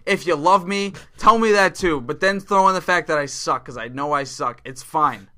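A man's voice: on the high side, normal speed, pushed and bright. A man co-hosting a podcast in casual chat, rambling and self-mocking as he pleads for attention. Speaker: podcast co-host.

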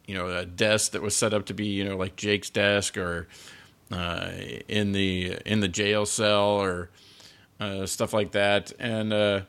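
A man with a somewhat low voice hosts a podcast in a relaxed, halting way. He pauses often and pads his sentences with fillers as he gathers his thoughts. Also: clear, resonant tone. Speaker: podcast host. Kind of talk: casual chat.

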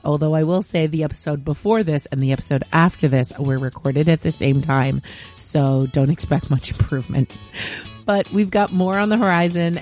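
A podcast host with a hoarse voice, chatting casually and eagerly about a film they loved and urging listeners to watch it. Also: medium pitch, mellow, dry recording, studio quality. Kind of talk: casual movie review chat.

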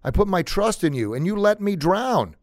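A man's voice: high voice, very animated, normal speed, a little mellow, dry recording, studio quality, voice pushed up. A man voicing a stubborn, devout man in a flood who refuses every rescue, insistent and pleading.

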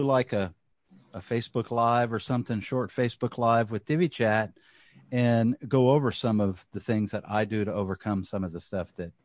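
A man with a Southern US accent who co-hosts a podcast and talks in a relaxed, talkative way, often repeating words as he starts a sentence. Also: fairly low pitch, no echo. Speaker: podcast co-host. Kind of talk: casual chat.

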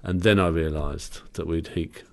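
A man from London, a podcast guest telling anecdotes in an animated, irreverent way. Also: low-pitched, moderate pace, vocal fry. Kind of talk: casual anecdote.

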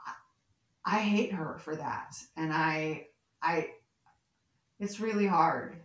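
A woman with a slightly low voice, chatting casually as a podcast co-host. She retells scenes with animation and quotes the characters as she goes. Her voice carries a roomy echo. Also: slow. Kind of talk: casual chat recapping a soap opera.

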